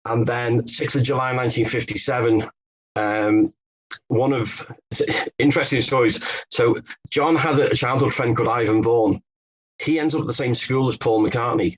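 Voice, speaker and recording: An English author and Beatles expert, a man, tells stories on a podcast as a guest, explaining things with some fillers and restarts. His voice sits at a medium pitch and moves at a moderate pace. The low-quality recording carries a little hiss or hum.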